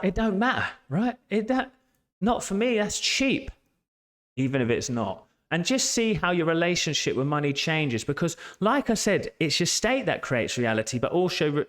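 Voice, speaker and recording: Male life coach, a bit high-pitched, emphatic and earnest motivational delivery. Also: fairly bright tone. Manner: earnest, emphatic, repeats key phrases. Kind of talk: motivational talk to camera.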